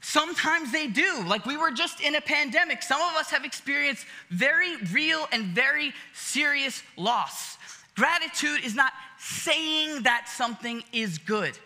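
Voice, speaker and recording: A pastor, a man, delivers a conversational sermon, full of fillers and little acted-out scenes. His voice sits high and sounds strikingly bright. A long reverb trails behind him in the church auditorium. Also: animated, unhurried. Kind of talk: casual sermon.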